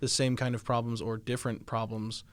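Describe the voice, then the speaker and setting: A man's voice: medium pitch, level tone, fairly quick, dry recording. A man in his twenties co-hosting a podcast, chatting casually and rambling a little as he works out his sentences. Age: 20s. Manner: rambling, laughs often. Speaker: podcast co-host. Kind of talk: casual chat.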